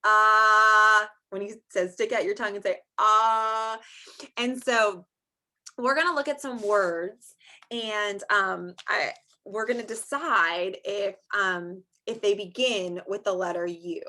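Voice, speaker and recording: A woman's voice: medium pitch, a little slow, sharp tone. A woman teaching young children phonics in an online small-group class, stretching out sounds in a sing-song teacher voice. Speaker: preschool teacher. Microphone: screen-share video call.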